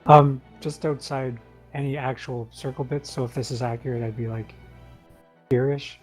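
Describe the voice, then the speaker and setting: A player at a tabletop game, talking casually and planning out loud in a playful way. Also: medium pitch, steady tone, normal speed, soft background music. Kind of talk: casual chat.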